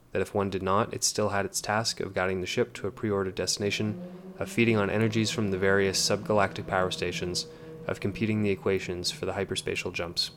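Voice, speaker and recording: A man narrating an audiobook in a measured, even way. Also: low voice, slight background noise.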